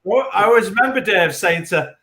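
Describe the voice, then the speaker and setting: A man's voice: high-pitched, fairly quick, a crowd in the background. A man with a northern English accent, telling stories in a casual live-stream chat and swearing freely. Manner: animated storyteller, swears freely. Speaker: guest beer reviewer.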